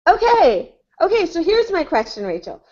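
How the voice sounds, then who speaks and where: A woman hosting a casual recorded chat, excited and giggly, laughing often between her questions. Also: very high-pitched, normal speed. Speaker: sex columnist and show host. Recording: dull lo-fi web recording.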